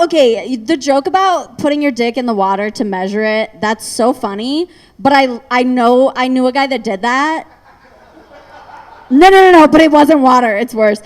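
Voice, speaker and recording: High-voiced teasing woman emcee. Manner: teasing, crude, giggly. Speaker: open mic host. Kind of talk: comedy emcee banter. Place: small brewery taproom stage.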